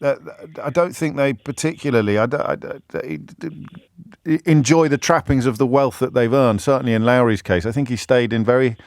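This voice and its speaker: A man hosting a radio phone-in, talking quickly and emphatically and cutting in on his callers. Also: medium pitch, no echo, clean studio sound. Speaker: radio talk show host.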